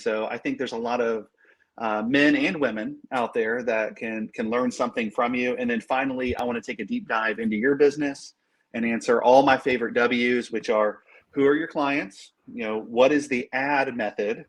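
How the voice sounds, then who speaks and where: Man, podcast host, husky voice, friendly interviewer. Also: mid-range voice, steady tone, moderate pace. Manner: friendly, short affirming replies. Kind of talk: interview hosting.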